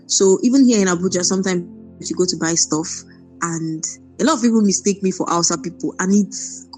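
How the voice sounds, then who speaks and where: A woman reflecting in a book club discussion, measured and thoughtful. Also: fairly low pitch, darkish tone, soft background music, low-quality recording. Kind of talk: casual discussion.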